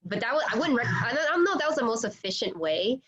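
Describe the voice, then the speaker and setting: A woman's voice: a little high, big pitch swings, fast, lo-fi sound, a crowd in the background. A woman working as a real estate agent, chatting casually on a video call, full of "like" and "you know".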